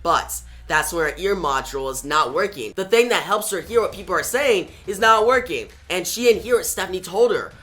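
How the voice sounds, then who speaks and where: Bright, excitable male recapper. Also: high-pitched, a little fast, few pauses. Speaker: comic reviewer. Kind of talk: casual comic story recap.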